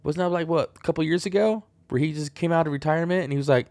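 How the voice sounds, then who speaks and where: A man's voice: mid-range voice, fast talker, hardly any pauses, no echo. A man hosting a solo podcast, rambling and wisecracking with plenty of swearing. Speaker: podcast host.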